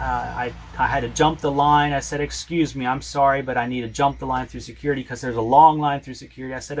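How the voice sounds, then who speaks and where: A man with a fairly high voice tells a personal story in a casual, animated way. He slips into the other people's lines as he goes and often restarts his words. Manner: animated retelling with acted-out dialogue and frequent restarts. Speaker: storyteller recounting a travel ordeal.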